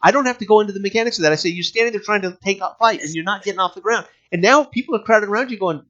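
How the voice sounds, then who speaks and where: A fairly high-voiced man talks game design in a loose, animated way, swearing freely and slipping into quick voices to act out scenes from the table. The recording sounds dull and lo-fi. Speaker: game designer and podcast host. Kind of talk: casual design talk.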